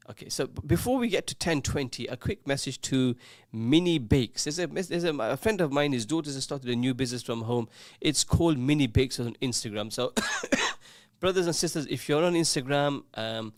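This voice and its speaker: A man's voice: medium pitch, animated, fairly quick, no echo, studio quality. A man presenting a casual radio show, chatting, teasing his co-host and reading out listener messages. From England. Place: radio studio. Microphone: studio microphone.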